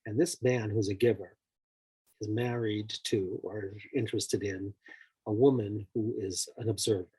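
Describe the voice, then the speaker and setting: A man's voice: lowish voice, steady tone, a little slow, dark tone, slightly rough, poor audio. A male therapist explaining personality types through examples in a loose, conversational way, full of "like" and "you know", now and then acting out the people he describes. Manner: acts out the people in his examples.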